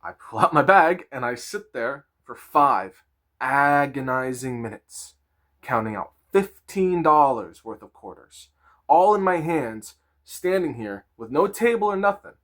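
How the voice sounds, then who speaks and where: A man in his twenties telling a casual storytime with crude slang, animated and laughing. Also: mid-range voice, unhurried.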